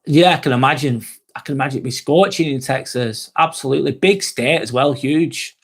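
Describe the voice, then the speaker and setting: A man's voice: medium pitch, fairly quick, vocal fry, breathy edge. A man with a Lancashire accent hosting a laid-back live vlog, chatting to viewers and answering their comments, swearing freely and often restarting his sentences. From Northwest England. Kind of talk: casual live-stream chat, reading viewer comments.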